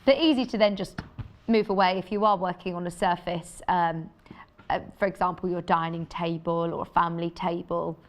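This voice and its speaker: A woman presenting a live home shopping show, chatty and enthusiastic, chatting with off-camera crew between sales pitches. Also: fairly even intonation, moderate pace. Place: TV studio.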